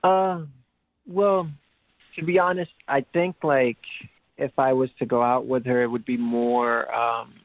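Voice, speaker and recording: A man's voice: medium pitch, fairly even intonation, dry recording. Hesitant young man on tinny phone. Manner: hesitant, halting, many fillers. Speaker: phone guest.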